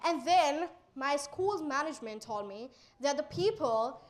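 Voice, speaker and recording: Teen girl, Indian English accent, high voice; animated motivational speaker acting out dialogue. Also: unhurried. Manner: animated, acts out quoted exchanges. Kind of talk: motivational storytelling talk.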